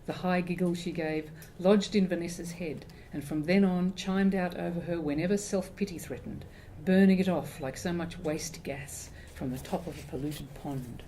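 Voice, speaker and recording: A woman, an author, introducing and reading her own fiction aloud in a measured, expressive way. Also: lowish voice, a little hiss or hum.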